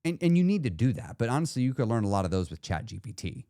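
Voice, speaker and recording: A man's voice: mid-range voice, big pitch swings, fast, warm tone, dry recording, clean studio sound. A man in his forties hosting a solo podcast as a weight-loss coach, explaining ideas to the listener in a conversational way.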